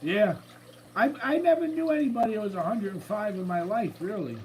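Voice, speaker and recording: A man with a high-pitched voice hosts a relaxed live stream from his room at home, chatting upbeat and easy with his viewers. A tank's running water trickles faintly behind him. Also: brisk, slight background noise, rough recording. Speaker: livestream host. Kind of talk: casual live-stream chat. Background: faint running water from a tank.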